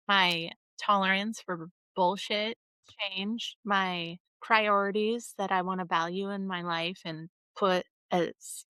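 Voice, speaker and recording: A woman's voice: mid-range voice, bright, forceful tone, smooth, no room sound, low-quality recording. A middle-aged woman co-hosting a podcast, speaking in an earnest, thoughtful way in casual chat. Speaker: podcast co-host.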